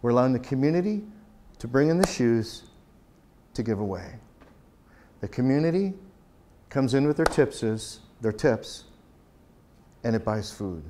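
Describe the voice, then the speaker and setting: A man's voice: mid-range voice, animated, unhurried, pauses often, dark tone, a little hiss or hum. A man speaking as a pastor, giving a conversational talk and acting out the quoted exchanges in his stories. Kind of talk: conference talk.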